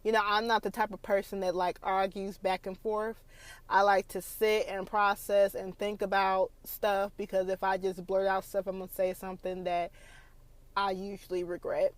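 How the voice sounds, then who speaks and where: A woman's voice: mid-range voice, fairly even intonation, normal speed, no room sound. Chatty young woman podcasting, dry close mic. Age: young adult. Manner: chatty storytelling, frequent fillers and restarts. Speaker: podcast host. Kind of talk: casual podcast monologue.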